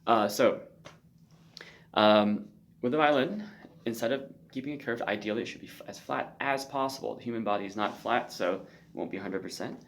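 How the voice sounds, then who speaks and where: A man giving a spoken violin lesson, loose and conversational, often checking in with a quick "okay?". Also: on the low side, a little hiss or hum. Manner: loose and conversational, frequent ums and check-in okays. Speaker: violin teacher. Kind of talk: spoken instruction with demonstration.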